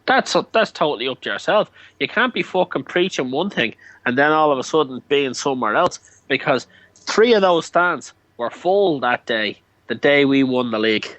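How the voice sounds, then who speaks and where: A man's voice: mid-range voice, animated, moderate pace, a bit bright, no room sound, poor audio. A man chatting with lots of swearing and teasing on a late-night phone-in show. He stumbles over repeated words after a lot of beer. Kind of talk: casual banter over a call. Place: abroad, time zone ahead of the other host.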